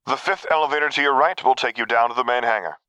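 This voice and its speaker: A man voicing a sarcastic female soldier with a dry, deadpan manner. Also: mid-range voice, quick pace, dry recording, voice pushed up, close to an everyday voice. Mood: cheerful. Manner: dry, deadpan, mock-lamenting. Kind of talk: audiobook character voice.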